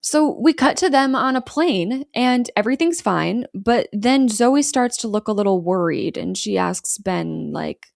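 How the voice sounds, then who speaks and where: A young woman co-hosting a casual chat, retelling a film scene by scene and quoting its characters in quick bursts. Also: on the high side, gravelly, no room sound, clean studio sound. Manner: animated storyteller, quotes characters in quick bursts. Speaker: podcast co-host recapping a film.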